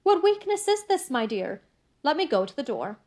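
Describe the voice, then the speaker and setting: A woman voicing a kind, composed elderly father who speaks in a calm, soothing way in an audiobook. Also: sits high, moderate pace, voice pushed up.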